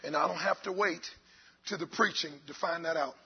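A man preaching a fiery sermon as pastor, swinging between shouted lines and low, quiet passages. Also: a little fast, dull audio.

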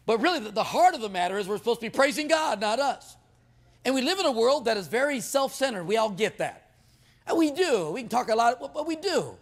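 Extremely high-pitched and brisk, a man preaches a sermon through animated stories and jokes with the crowd. He stumbles over repeated words as he builds toward his points.

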